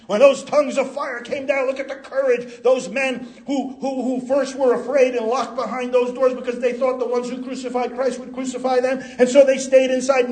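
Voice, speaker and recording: An American man preaching a sermon with passion, swinging between loud emphasis and quiet asides. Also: very high voice, roomy sound. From United States.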